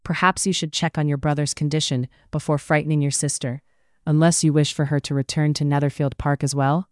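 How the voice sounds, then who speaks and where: An audiobook narrator voicing a stoic, proud gentleman who speaks curtly and formally, in a dry, smooth studio read. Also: medium pitch, flat delivery, brisk, no echo, natural voice. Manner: curt, formal. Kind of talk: audiobook character reading.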